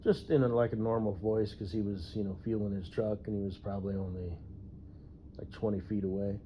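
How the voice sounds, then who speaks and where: A man's voice: on the low side, steady tone, a little fast, a little hiss or hum. A man who drives trucks, ranting casually about a coworker, profane and rambling, chuckling to himself. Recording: dull lo-fi recording.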